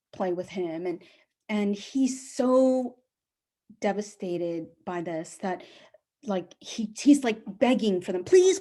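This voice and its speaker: A middle-aged woman telling a personal story on a live stage, animated and acting out the people she quotes. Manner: animated, acts out quoted voices with big pitch jumps.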